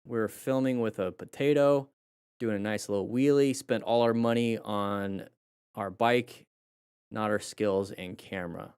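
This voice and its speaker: A man's voice: fairly low pitch, fairly even intonation, a little slow, darkish tone, smooth. A man reviewing crash videos live and coaching riders, emphatic and repetitive, acting out a rider's panic as he explains. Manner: emphatic, repeats key phrases, acts out riders' panic. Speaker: motorcycle riding coach.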